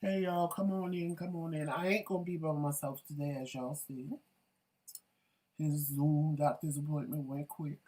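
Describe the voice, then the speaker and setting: A man hosting a casual home talk show, chatty and animated and quick to laugh. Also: fairly high pitch. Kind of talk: casual chat.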